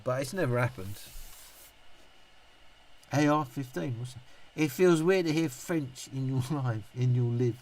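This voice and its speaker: Tipsy middle-aged bloke on a live stream, swears a lot, laughs, kinda high voice. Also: male voice, lively intonation, measured pace, pauses often. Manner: rambling, sweary, laughing often. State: tipsy from drinking. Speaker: YouTube reviewer on a live stream. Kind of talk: casual live-stream chat, answering viewer comments.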